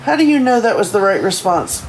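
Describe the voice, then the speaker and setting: A streamer reading a novel aloud, voicing a warm, playful older woman neighbor in a raised, bright voice. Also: mid-range voice, brisk, a little hiss or hum, lightly acted, low-quality recording. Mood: cheerful. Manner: bright, lively, teasing.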